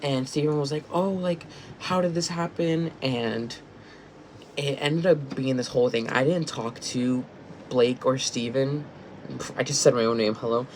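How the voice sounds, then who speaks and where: A man's voice: medium pitch, steady tone, a little slow, darkish tone, slight background noise, rough recording. A young man telling a personal story vlog-style, rambling with lots of fillers and restarts. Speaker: vlogger. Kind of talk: casual storytime.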